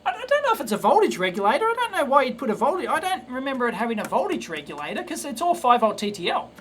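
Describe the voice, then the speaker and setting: A man's voice: very high voice, wildly swooping pitch, racing, fairly bright tone, a little hiss or hum. An Australian man chatting casually while soldering on a live stream, rambling and blunt, with many restarts. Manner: rambling, blunt, full of restarts and stammered repeats. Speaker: electronics video host.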